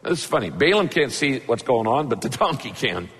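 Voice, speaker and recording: A male pastor preaching a sermon, telling the story with lively asides and acting out the characters' lines. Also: medium pitch, normal speed, slightly rough. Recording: long hall reverb.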